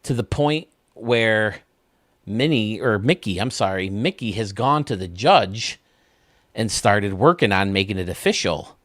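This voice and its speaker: A man's voice: fairly low pitch, animated, measured pace, a bit bright, dry recording, clean studio sound. A male host casually telling dirty jokes and chuckling at his own punchlines. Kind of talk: casual joke-telling chat.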